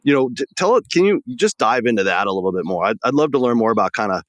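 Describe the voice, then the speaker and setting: A man's voice: medium pitch, very animated, quick pace, no room sound. A man co-hosting a podcast, asking questions in a chatty, jokey way. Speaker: podcast co-host. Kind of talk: casual interview talk.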